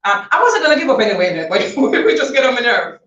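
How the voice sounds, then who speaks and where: Woman author, informal launch speech, animated storyteller; dull roomy recording. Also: a little high, a little fast, distant mic, a little hiss or hum. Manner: chatty, laughing, animated storytelling. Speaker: author thanking guests at book launch. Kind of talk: informal thank-you speech at an event. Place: event hall.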